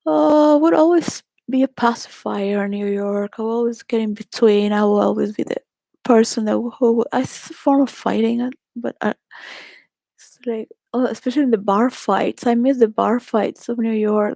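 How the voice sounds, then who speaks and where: A Venezuelan woman with a fairly high, creaky, dark voice shares candid personal stories at a normal speed, rambling, laughing often and restarting her sentences. The recording is studio quality with no room sound.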